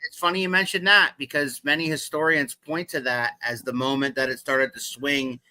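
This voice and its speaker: A man's voice: mid-range voice, steady tone, moderate pace, bright, forceful tone, no room sound, rough recording. A man hosting a live interview show, chatting casually and eagerly keeping the talk moving. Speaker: host.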